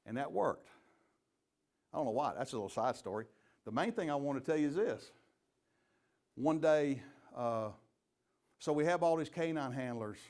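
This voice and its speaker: A middle-aged man, a police chief giving a leadership training talk full of folksy, joking stories. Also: mid-range voice. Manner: lively storyteller, folksy and joking.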